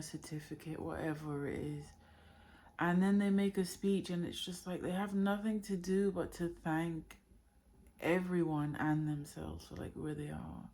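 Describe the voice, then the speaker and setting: A woman speaking in a heartfelt, unscripted monologue, emotional and halting as she searches for words about her inner journey. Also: low-pitched, dark tone. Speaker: spiritual vlogger.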